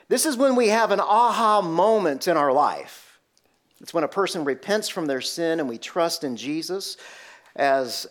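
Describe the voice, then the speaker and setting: A man preaching a sermon, telling stories and asking the congregation rhetorical questions. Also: fairly high pitch. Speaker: pastor.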